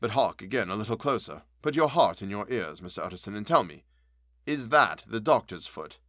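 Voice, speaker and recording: A man reading a storybook voices a fearful old male butler who speaks low and hushed in old-fashioned phrases. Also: expressive, brisk, dry recording, studio quality.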